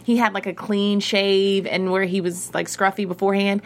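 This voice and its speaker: A woman's voice: mid-range voice, little pitch movement, moderate pace. Wry, analytical woman in a chat. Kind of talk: casual chat about a TV show.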